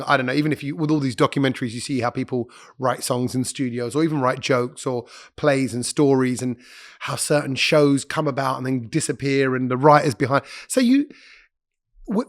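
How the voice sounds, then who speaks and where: A middle-aged man, a broadcaster and comedy host, talking quickly and animatedly in a casual podcast chat, slipping into put-on voices. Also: mid-range voice.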